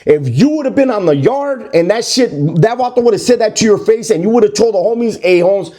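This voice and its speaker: A man's voice: sits high, expressive, fast talker, mellow. A middle-aged man, talking bluntly and confrontationally in a casual monologue. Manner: blunt, confrontational street talk. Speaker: commentator.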